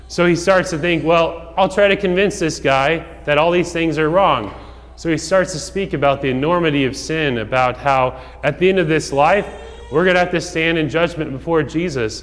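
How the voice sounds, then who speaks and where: Priest preaching in an echoing church. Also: male voice, fairly high pitch. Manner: conversational storytelling with asides and fillers. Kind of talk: homily. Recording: long church reverb.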